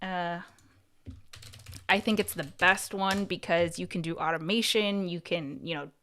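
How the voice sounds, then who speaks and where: Against slight background noise, a woman speaks in a lowish, bright, forceful voice with fairly even intonation and an unhurried pace. As a YouTube coach hosting a livestream, she hands out casual advice in a chatty manner, full of "like" and "you know," restarting thoughts and repeating words mid-thought.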